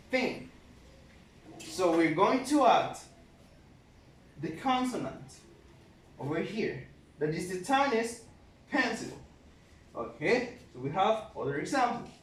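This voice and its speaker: A man teaching an English grammar lesson, explaining slowly and repeating key points. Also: sits high. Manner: slow, repetitive, explains step by step. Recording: roomy, from far off, faint noise.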